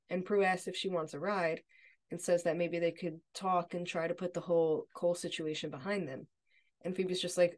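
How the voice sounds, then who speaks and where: A woman co-hosting a podcast, casually retelling TV scenes in a relaxed way. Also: fairly low pitch, moderate pace. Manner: relaxed, laughs easily. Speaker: podcast co-host. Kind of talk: casual TV recap chat.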